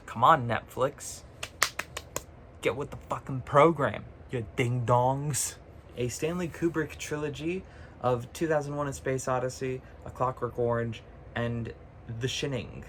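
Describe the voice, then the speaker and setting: A man of ordinary pitch rants casually and sarcastically to his viewers, cursing freely and breaking into laughs. He sounds like he is filming himself on a phone, with a faint hum of room noise behind him. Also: fairly even intonation, measured pace, fairly bright tone. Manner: ranting, sarcastic, swears freely; laughs often mid-sentence. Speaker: vlogger. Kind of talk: casual chat.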